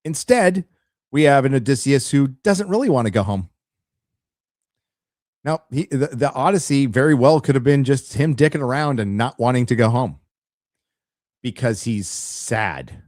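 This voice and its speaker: Hosting a live show, this man speaks in a mid-range, lively voice at a moderate pace, leaving long pauses and sounding slightly mellow. He addresses his chat directly with blunt opinions, frequently stumbling and restarting, in dry studio-quality audio.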